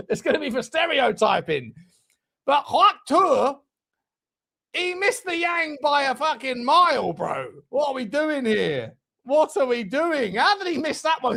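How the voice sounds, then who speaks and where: A man's voice: very high voice, gravelly, pushed and bright. A man hosting a live football watchalong for fans, chatting casually, swearing and laughing often. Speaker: fan channel host. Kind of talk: live match watchalong chat.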